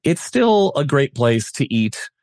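A man's voice: medium pitch, very animated, takes it slowly, darkish tone, dry recording, studio quality. A man co-hosting a casual podcast chat, easygoing and wry, with hesitant restarts. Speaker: podcast co-host.

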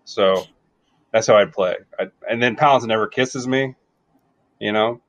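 A man's voice: fairly low pitch, unhurried, fairly bright tone, no echo, poor audio. A man co-hosting a casual podcast, jokey and self-deprecating as he riffs on movies. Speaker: podcast co-host. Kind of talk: casual movie-riffing chat.

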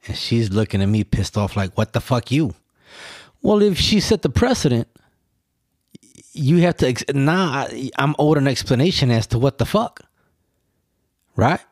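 A man's voice: lowish voice, darkish tone, no echo, clean studio sound. A man hosting a casual solo podcast, rambling and swearing as he poses rhetorical questions to himself. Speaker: podcast host.

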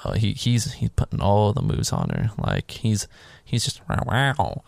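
A man's voice: on the low side, huge pitch swings, normal speed, vocal fry, a little mellow, no room sound. Man casually retelling a film plot. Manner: rambling storytelling with quoted character lines and swearing. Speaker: podcast host recapping a film. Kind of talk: casual chat.

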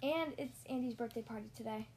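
A woman reading a storybook aloud and voicing a worried, bossy male cowboy toy who speaks in urgent, hushed tones. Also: a little high, animated, moderate pace, a little hiss or hum.

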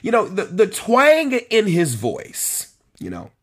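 A man's voice: high voice, wildly swooping pitch, slow, husky. A man hosting a live-stream talk show, reading out viewer comments and giving his opinion in a conversational way, repeating phrases for emphasis. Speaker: host of a policing talk show.

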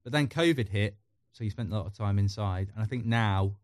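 A man's voice: fairly low pitch, brisk, no echo, studio quality. A middle-aged man chatting candidly as a podcast guest, rambling through personal stories. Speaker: podcast guest, football YouTuber. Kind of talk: casual chat.

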